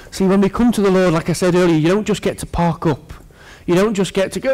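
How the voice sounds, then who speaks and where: A male preacher with a slightly higher voice delivers a sermon, earnest but tossing joking asides to the congregation. His tone is darkish, and he speaks a little fast with few pauses.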